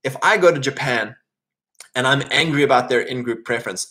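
A man's voice: mid-range voice, fairly quick, pushed and bright. Man preaching an informal sermon. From England. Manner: conversational, often asks "right?" and restarts phrases.

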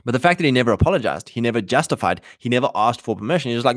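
A man's voice: medium pitch, rapid-fire, dry recording, studio quality. Punchy man acting out voices. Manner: animated, acts out quoted voices, punchy. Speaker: host. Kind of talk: casual monologue to listeners.

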